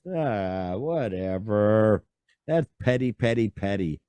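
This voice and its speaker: A man's voice: on the low side, lively intonation, moderate pace, a little mellow, no echo. A man hosting a podcast, rambling and exasperated in casual chat. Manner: rambling, exasperated, lots of fillers and sighs. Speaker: podcast host.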